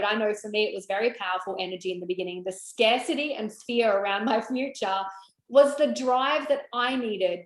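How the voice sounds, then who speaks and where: A woman's voice: on the high side, reverberant, rough recording. A woman coaching a group over a video call, affirming and encouraging with spiritual phrasing.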